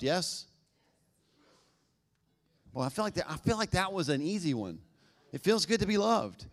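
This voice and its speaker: A middle-aged man preaching a conversational sermon, joking and acting out quotes in lively voices. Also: on the high side. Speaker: pastor.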